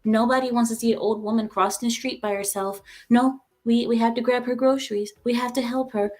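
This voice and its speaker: Heated woman host ranting in reaction commentary, pitched a bit high. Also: steady tone, brisk, darkish tone. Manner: heated, emphatic, repeats herself.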